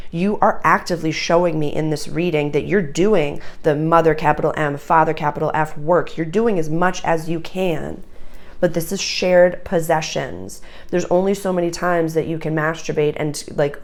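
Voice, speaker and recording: A woman giving a channeled tarot reading to camera, urgent, emotional and earnest, with many fillers. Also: low voice. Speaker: astrology and tarot reader.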